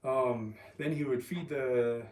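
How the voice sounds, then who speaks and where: A man chatting casually on a livestream, rambling and halting with ums and restarts while resting an injured calf. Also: mid-range voice, fairly even intonation, a little mellow. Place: home, lifting weights while streaming. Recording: roomy, from a distance.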